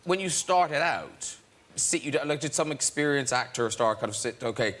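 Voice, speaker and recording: A man's voice: a little high, animated, normal speed, fairly bright tone. A man hosting a chat show, putting questions to his guests. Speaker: talk show host. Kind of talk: interviewing guests.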